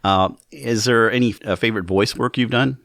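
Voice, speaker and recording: A man's voice: mid-range voice, a little fast, creaky, a bit bright, a little hiss or hum. A man hosting an interview over a video call, talking in an easygoing, conversational way. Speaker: radio show host.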